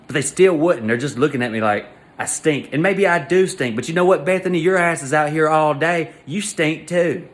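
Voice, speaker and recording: A man telling an embarrassing story as a comedy monologue, in an animated, exasperated rant full of crude jokes. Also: on the high side, a little fast, hardly any pauses.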